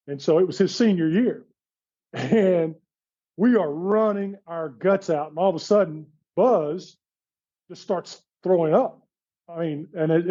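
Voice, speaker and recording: High-voiced man telling animated stories. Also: dull audio. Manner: animated, laughing storyteller. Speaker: podcast guest. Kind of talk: storytelling in casual chat.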